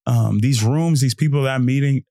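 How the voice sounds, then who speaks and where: Slangy young man with a gravelly voice. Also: normal speed, dry recording, clean studio sound. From Fort Worth, Texas. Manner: loose, slangy and animated, jumps into high mocking voices for quoted thoughts. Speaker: podcast host. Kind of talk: solo motivational podcast monologue.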